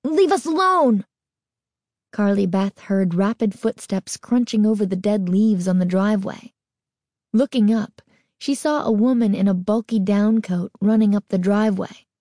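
A woman narrating a spooky story as an audiobook, expressive and suspenseful. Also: medium pitch, normal speed, no room sound, studio quality.

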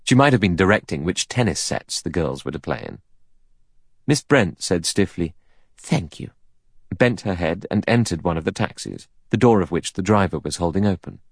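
Deep, lively male audiobook narrator. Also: normal speed, vocal fry, slightly rough, no room sound, clean studio sound. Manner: expressive, varied delivery. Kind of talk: scripted narration.

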